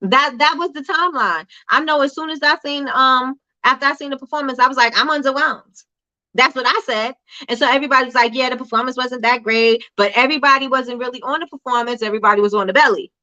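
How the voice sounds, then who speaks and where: Bright-voiced woman hosting casual chat. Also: high voice, fast, highs cut off. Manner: conversational, repetitive, reads viewer comments aloud. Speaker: host. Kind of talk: casual livestream business chat.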